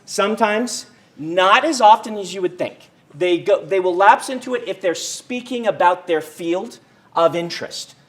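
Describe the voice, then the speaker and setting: A man's voice: high-pitched, expressive, moderate pace. A man teaching a university writing class, casual and conversational, with frequent ums and restarts. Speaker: writing instructor. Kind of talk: university lecture. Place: lecture hall.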